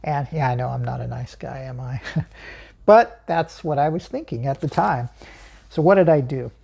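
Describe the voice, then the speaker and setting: A woman's voice: a bass voice, normal speed, creaky, dark tone, husky. A woman hosting her own channel, telling a personal story in an emphatic way, chuckling often and asking herself questions.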